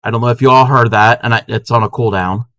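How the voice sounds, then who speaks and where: A man's voice: medium pitch, fairly even intonation, fast, a bit bright, dry recording, studio quality. A man hosting a casual live crafting stream, chatting playfully with viewers and laughing often.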